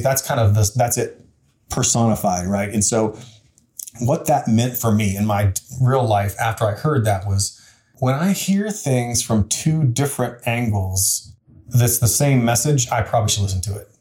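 Medium in pitch with a darkish tone, this man speaks at a moderate pace. A council member in his forties and guest in an interview, he tells a story conversationally and candidly, plainspoken and earnest, repeatedly restarting.

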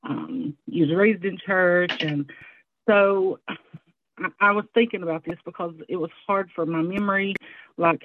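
A woman's voice: fairly low pitch, no echo. A woman in her forties from the American South with a Southern US accent, a guest chatting candidly and laughing easily. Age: 40s. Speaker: interview guest. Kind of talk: casual conversation. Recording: tinny phone-like line, dry.

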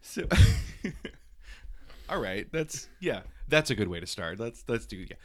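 A man co-hosting a podcast chats easily in a lowish voice. His talk is animated and full of fillers and small restarts. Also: takes it slowly. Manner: chatty and animated, laughs often, many fillers. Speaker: podcast co-host. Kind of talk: casual chat.

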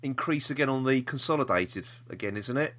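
A man's voice: medium pitch, animated, fairly quick, pushed and bright. A man co-hosting a podcast, talking in a chatty, jokey, rambling way. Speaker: podcast co-host. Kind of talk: casual chat.

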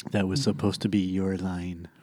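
Dry sardonic man, low voice. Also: level tone, moderate pace, darkish tone, no room sound. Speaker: podcast co-host. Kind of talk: casual comedic chat.

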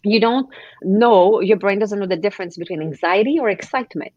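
Female coach guest, animated and expressive. Husky tone, muffled sound. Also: mid-range voice, brisk, no room sound. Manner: animated, acts out quoted voices. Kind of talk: podcast interview.

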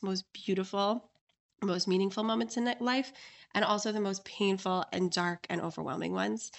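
A woman telling her own story in a relaxed conversation, words tumbling out with plenty of "like" fillers. She talks at an ordinary middle pitch and slips into playful voices when she quotes people. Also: vocal fry. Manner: animated, lots of "like" fillers, acts out quoted voices. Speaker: life coach and interview guest.

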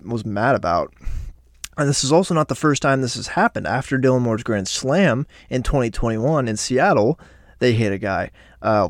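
A man casually recapping a week of baseball as a fan, animated and swearing freely, on a close microphone. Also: mid-range voice, dry recording. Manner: animated, profane, fan banter. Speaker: sports podcaster.

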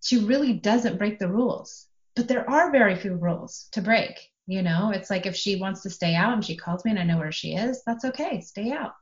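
A middle-aged woman in relaxed podcast talk, speaking in a calm, steady, explanatory way at a middle pitch. The sound is slightly dull and lo-fi. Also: normal speed, few pauses. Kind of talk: casual podcast conversation.

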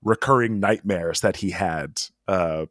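A man's voice: low voice, a little slow, a bit bright, no room sound, studio quality. A man co-hosting a podcast, chatting in an amused, rambling way full of asides. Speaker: podcast co-host. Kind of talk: casual chat.

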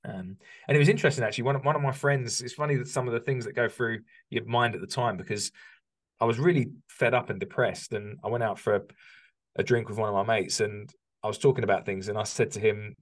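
A man's voice: on the low side, fairly even intonation, fast talker. A man from the UK in his forties, a podcast guest reflecting candidly on rebuilding his business, with frequent ums and restarts. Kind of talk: candid conversational interview.

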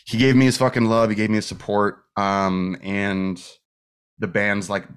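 A man's voice: on the low side, little pitch movement, normal speed, clean tone. Swearing man telling his story. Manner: candid, heavy swearing, emphatic storytelling; rambling with restarts and fillers like "dude" and "like". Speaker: podcast guest, metal musician. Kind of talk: casual podcast interview.

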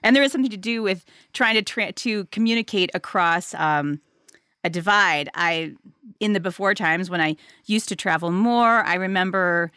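Laughing animated woman interviewer. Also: medium pitch, normal speed, clean tone, no echo, studio quality. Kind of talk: book interview chat.

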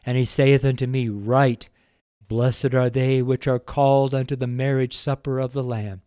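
A man's voice: mid-range voice, flat delivery, normal speed, mellow, smooth, no echo. An earnest middle-aged man reads scripture aloud and then talks about it in a devotional way. His voice sits in an ordinary male register and is recorded close and dry, with no room sound. He speaks with open emotion, and his reading rises with fervor on the words of praise. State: choked up at times. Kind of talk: Bible reading with devotional commentary.

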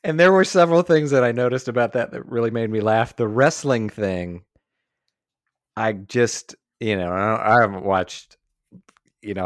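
Low-voiced man chatting about movies. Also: no echo, clean studio sound. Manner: rambling, many fillers and restarts. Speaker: podcast co-host. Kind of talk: casual movie discussion.

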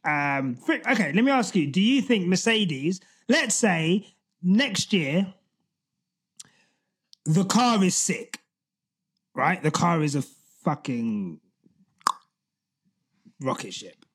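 A man co-hosting a sports podcast in casual chat, animated, laughing often and restarting his sentences. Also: high-pitched, slow pace, long pauses, husky. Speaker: podcast co-host.

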